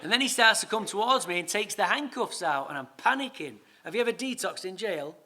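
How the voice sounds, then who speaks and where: An English man speaking at a recovery meeting, telling his own story in a lively, comic way and swearing freely. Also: high-pitched, fairly quick, background noise. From England. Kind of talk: storytelling talk.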